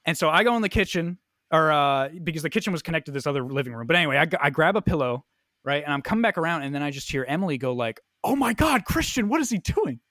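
A young man in casual chat, telling a profane, animated story full of fillers like "like" and "uh". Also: on the high side, rapid-fire, dry recording.

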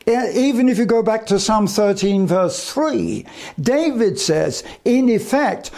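Man, evangelist, sermon, high voice, unhurried delivery, weighty pauses. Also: animated, gravelly, a little mellow. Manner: slow, deliberate preaching with emphatic pauses. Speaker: evangelist preacher.

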